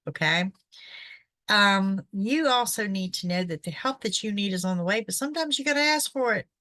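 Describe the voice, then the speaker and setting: A psychic reader and show host gives a relaxed, chatty horoscope reading, regularly checking in with "okay?". Her voice is fairly low and fairly bright, and her throat is irritated by pollen. The recording is dry.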